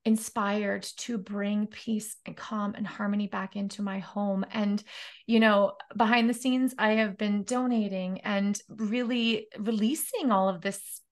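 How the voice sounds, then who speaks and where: A woman's voice: medium pitch, steady tone, measured pace. A woman hosting a casual interview, sharing reflections in a heartfelt way and laughing often. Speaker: interview host.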